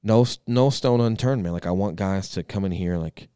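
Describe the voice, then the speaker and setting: A man's voice: low voice, moderate pace, dark tone, smooth, no room sound, studio quality. A man in his thirties co-hosting a podcast, talking casually and energetically, swearing freely for emphasis. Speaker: podcast co-host.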